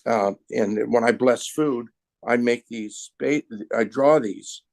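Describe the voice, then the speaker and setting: A man in conversation, a sound healer explaining symbols slowly and patiently while demonstrating with his hands. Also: medium pitch, vocal fry, no echo. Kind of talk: conversational interview.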